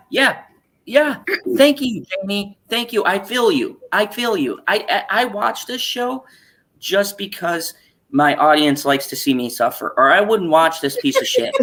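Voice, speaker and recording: A woman's voice: medium pitch, gravelly, a bit bright. A woman hosting a casual stream, ranting in a profane, exasperated way with frequent laughter. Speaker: streamer hosting an open chat.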